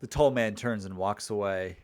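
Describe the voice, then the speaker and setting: A man's voice: fairly low pitch, normal speed. A man streaming his own text game, reading its narration aloud and chatting playfully, rambling with restarts.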